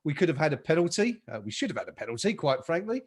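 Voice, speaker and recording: A man's voice: fairly high pitch, sing-song, fast, breathy edge. A man hosting a live football chat stream, upbeat and reading out viewer comments. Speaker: podcast host.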